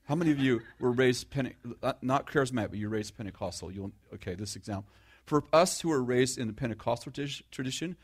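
A man's voice: medium pitch, slightly rough. A middle-aged man giving a conversational sermon to a live audience, joking about himself, restarting his sentences and asking the listeners questions. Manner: self-deprecating humor, frequent restarts, asks the audience questions. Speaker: preacher.

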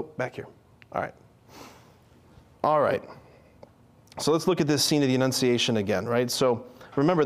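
A young man with a high, bright voice gives a spirited religious talk. He acts out the lines he quotes and banters with the people listening. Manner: animated, acts out quotes, jokes with audience. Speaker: speaker giving a talk. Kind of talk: lively Catholic teaching talk.

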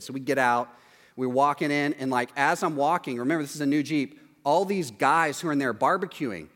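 Storyteller, male, high voice, animated comic delivery, long hall reverb. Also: moderate pace. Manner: animated, acts out quoted voices. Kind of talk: comedic anecdote.

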